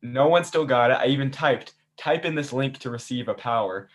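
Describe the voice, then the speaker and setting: A man hosting a casual after-show chat, telling a season's story in an animated way and acting out players' lines. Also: medium pitch, a little fast. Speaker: game host recapping a season.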